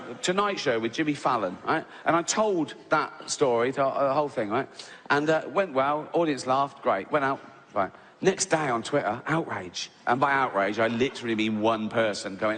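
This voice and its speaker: A man's voice: medium pitch, moderate pace, a bit bright, a little hiss or hum. A middle-aged English man doing a stand-up comedy routine, telling a story with sarcastic, mock-outraged asides and exaggerated quoted voices. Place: large theatre with live audience. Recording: live hall recording with audience laughter.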